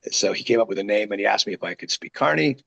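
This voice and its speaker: A man with a raspy, deep voice, a guest wrestler telling rambling stories in a casual interview. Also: fast talker, muffled recording. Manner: rambling, animated, full of quoted asides.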